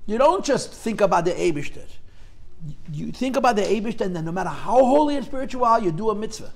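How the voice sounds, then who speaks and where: High-pitched gravelly male Torah teacher. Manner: animated, emphatic, repeats key phrases. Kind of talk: lecture to a class.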